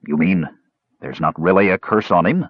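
A man voicing a big, kindly young warrior who asks gentle, puzzled questions. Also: low-pitched, normal speed, slightly rough, dry recording. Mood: puzzled, soothing. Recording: dull lo-fi recording.

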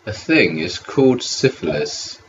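Lively low-voiced man, wry commentary. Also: unhurried, a little hiss or hum. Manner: sardonic, swears casually. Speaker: podcast co-host. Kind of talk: casual commentary chat. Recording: dull lo-fi audio with music.

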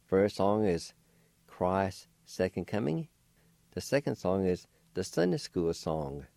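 A man's voice: low voice, sing-song, takes it slowly, creaky, dark tone, no room sound. A man hosting a radio language lesson, patiently spelling and repeating words syllable by syllable.

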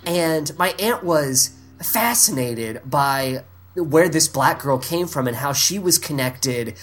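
Male podcast host, animated and exasperated, with a lively pitch and faint music underneath. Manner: animated storytelling with exasperated asides. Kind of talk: casual chat.

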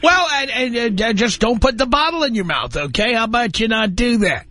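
A man's voice: very high voice, lively intonation, brisk, sharp tone, no echo. Guy hosting call-in radio, blunt and sneering, dead dry studio mic. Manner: blunt, mocking rants. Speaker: radio talk show host. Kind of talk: opinionated call-in talk radio. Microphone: studio microphone.

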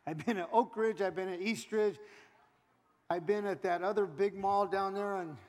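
A middle-aged man preaching a sermon as pastor, animated, swinging from loud exhortation to quiet asides. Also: high voice, moderate pace. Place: church sanctuary. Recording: long hall reverb.

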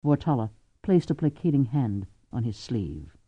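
A man narrating an audiobook in an expressive, varied reading. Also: mid-range voice, moderate pace, husky, dry recording, highs cut off. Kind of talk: scripted narration.

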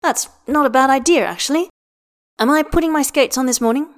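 A woman's voice: high-pitched, fairly quick, voice pushed up, lightly acted. A woman voicing a flustered, put-upon man in a storybook reading, protesting in a raised, strained voice.

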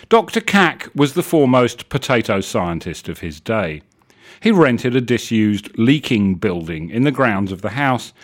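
A man reading a comic story aloud on a live show in a wry, lively way. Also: medium pitch. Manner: lively, wry, self-correcting.

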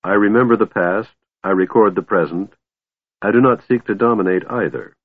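A man's voice: on the low side, moderate pace, lightly acted. A man playing a cold, solemn old chronicler. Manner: hollow, ringing, cold tones. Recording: narrow phone-like audio, dry.

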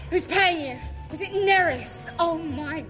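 A woman's voice: very high voice, a little slow, a bit bright, faint music behind. A woman playing a brash, indignant bride, accusing and demanding. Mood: outraged.

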